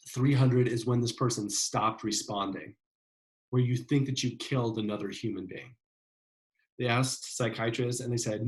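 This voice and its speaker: A man's voice: medium pitch, a little mellow, low-quality recording. A man giving a psychology lecture in a casual, conversational way, often checking in with "right?" and using fillers. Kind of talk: classroom lecture.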